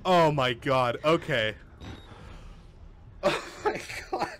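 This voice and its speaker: A man streaming a game, commenting live, swearing often and breaking into panicked yells and laughter at a computer. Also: a little high, expressive, slow pace, a little hiss or hum. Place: at a computer, keyboard and mouse.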